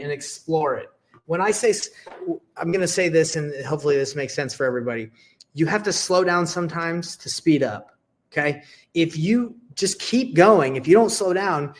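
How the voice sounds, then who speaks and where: A young adult man giving a live sales training, energetic and repetitive, checking in with "okay" and acting out sample calls. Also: on the high side. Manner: energetic, repeats "okay" and "all right", acts out sample seller calls. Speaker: real estate sales coach. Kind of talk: live training talk to camera.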